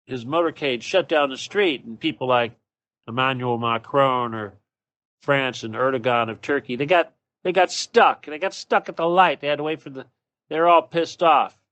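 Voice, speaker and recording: A man's voice: medium pitch, moderate pace, fairly bright tone, no echo, lo-fi sound. Profane, angry man ranting, dry sound. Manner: sarcastic, mocking. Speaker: show host. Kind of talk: solo political rant.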